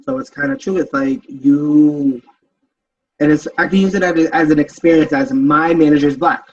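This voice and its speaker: A man tells animated stories on a group podcast and slips into the voices of the people in them. He sits away from the mic, his voice a little high for a man, and the sound is muffled and lo-fi. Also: moderate pace, creaky. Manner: animated storytelling, acts out quoted voices. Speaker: podcast panelist. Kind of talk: casual group chat. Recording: dull, distant sound.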